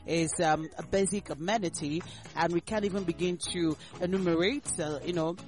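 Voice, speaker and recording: A man with a Nigerian English accent hosting a morning radio talk show, chatty and animated, repeating phrases as he talks. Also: a little high, moderate pace, faint music behind. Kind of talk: casual morning radio chat.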